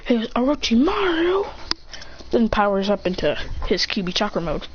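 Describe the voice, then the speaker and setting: A woman's voice: medium pitch, fairly quick, muffled recording, background noise. A woman in casual storytelling, animatedly retelling a fan story and acting out lines and sound effects.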